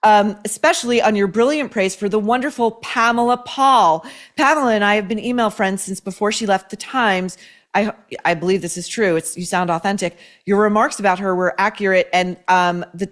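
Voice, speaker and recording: A woman's voice: medium pitch, moderate pace. A woman hosting a show, reading viewer mail and advice letters aloud and reacting with blunt, sarcastic commentary full of swearing. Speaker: host.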